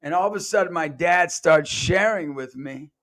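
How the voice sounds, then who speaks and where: A man's voice: fairly high pitch, moderate pace, fairly bright tone. A man hosting a podcast, telling personal stories in an earnest, conversational way and acting out the voices of the people he quotes. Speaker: podcast host.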